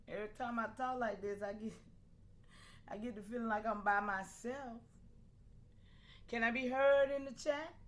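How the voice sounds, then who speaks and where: High-voiced woman live-streaming to her chat. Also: unhurried, pauses often. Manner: animated, calls out to viewers, laughs often.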